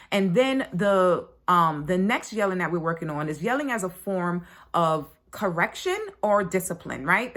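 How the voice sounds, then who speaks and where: A woman's voice: fairly low pitch, a bit bright. A woman parenting coach talking casually to her course members, chatty and blunt, tagging sentences with "right?" and "like" and swearing freely. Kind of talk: casual online course talk.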